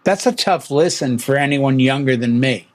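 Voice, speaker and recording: A man's voice: medium pitch, normal speed. A middle-aged man hosting a casual music talk show, telling stories and acting out quotes. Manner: animated storyteller, acts out quotes. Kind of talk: casual chat.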